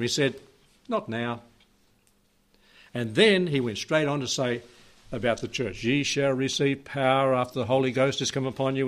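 A man pastor preaching a sermon, chatty and questioning, reading scripture slowly with emphasis and laughing now and then. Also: medium pitch, a bit bright. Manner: conversational preaching, asks the congregation questions, chuckles often.

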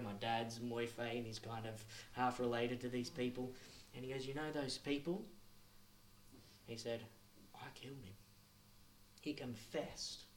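A man's voice: medium pitch, slight background noise. A man preaching a sermon, telling a story and then building to emphatic, repeated warnings.

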